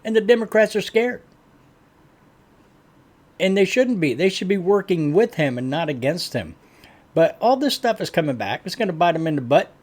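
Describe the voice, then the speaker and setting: A man's voice: high voice, very animated, normal speed, long pauses, a little mellow. Blunt, opinionated man reacting to news. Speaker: reaction channel host. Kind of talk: casual reaction commentary.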